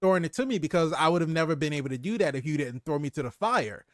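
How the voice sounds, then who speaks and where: A man co-hosting a casual movie review chat, retelling scenes with lively acted-out lines and frequent laughs. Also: a little high, fast talker, no room sound, clean studio sound. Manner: animated retelling, acts out character lines, laughs often. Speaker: podcast co-host.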